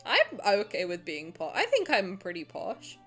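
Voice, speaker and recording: A young woman from the American South, streaming and chatting casually with her viewers while reading a game story aloud, animated and quick to swear. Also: medium pitch, soft background music. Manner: chatty and animated, swears freely, laughs at herself.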